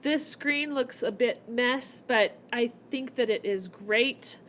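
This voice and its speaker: Chatty high-voiced woman teaching. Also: fairly bright tone, slight background noise. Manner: chatty, explains step by step. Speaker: Spanish teacher. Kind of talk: recorded whiteboard lesson. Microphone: laptop mic.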